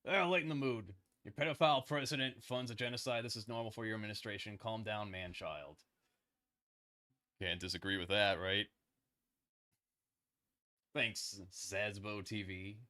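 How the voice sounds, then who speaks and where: A man's voice: on the low side, normal speed, pauses often, sharp tone. A man hosting a reaction commentary, dropping sardonic short asides between clips. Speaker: host.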